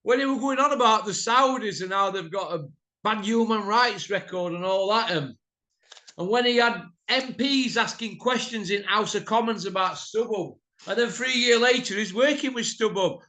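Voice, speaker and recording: A man hosting a boxing channel, ranting bluntly and mockingly to camera and rising to shouts. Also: sits high, normal speed.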